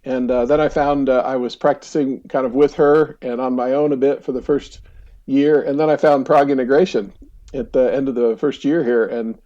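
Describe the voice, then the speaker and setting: A middle-aged American man with a warm, mellow tone speaks as a podcast guest, chatty and relaxed with plenty of ums and easy laughter. His voice comes through slightly dull and lo-fi, as over a remote call. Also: mid-range voice, moderate pace. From United States. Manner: relaxed, chatty, laughs easily, frequent fillers. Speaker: counselor guest. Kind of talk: casual interview storytelling.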